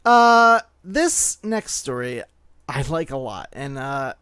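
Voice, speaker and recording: A man's voice: mid-range voice, big pitch swings, slow, bright, forceful tone, clear, resonant tone, no room sound, studio quality. A man co-hosting a casual podcast, running through news in a loose, joking way. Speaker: co-host.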